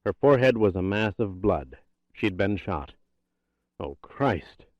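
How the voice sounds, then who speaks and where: A man reading a thriller audiobook in a tense, steady narration. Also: lowish voice, normal speed, no echo, dull audio.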